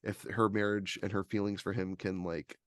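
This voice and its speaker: Young male co-host, casual, rambling and animated, recorded dry and close. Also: fairly low pitch, normal speed, no room sound. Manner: rambling, heavy use of "like", animated retellings. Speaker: podcast co-host reviewing films. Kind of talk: casual chat.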